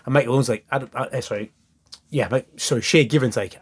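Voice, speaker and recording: A quick-talking man, chatting on a casual football podcast. He keeps slipping into quoted lines from others and swears freely. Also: mid-range voice, breathy edge. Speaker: podcast co-host.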